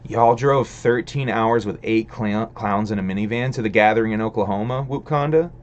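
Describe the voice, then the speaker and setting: Dude streaming live, kinda low voice, swears a lot, rambles and reads chat. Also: male voice, normal speed, highs cut off. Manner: profane, rambling, fillers, chats to viewers. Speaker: livestream host reading chat. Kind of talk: casual livestream chat.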